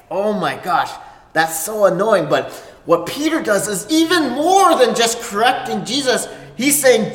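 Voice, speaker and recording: A pastor preaching a sermon, swinging between emphatic declarations and hushed asides, often asking "right?". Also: medium pitch. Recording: echoey reverberant hall.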